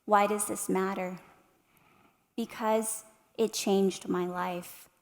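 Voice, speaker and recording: A woman in her thirties gives a motivational keynote in a large arts center hall, the recording carrying long hall reverb. Her medium-pitched voice is slow with fairly even intonation as she tells animated stories and addresses the audience directly with tag questions.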